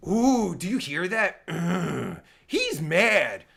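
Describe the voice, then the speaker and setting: A man's voice: high voice, very animated, very slow, creaky, a bit bright, slightly rough. A man giving sarcastic, taunting commentary as a podcast guest, swearing heavily and mocking his host.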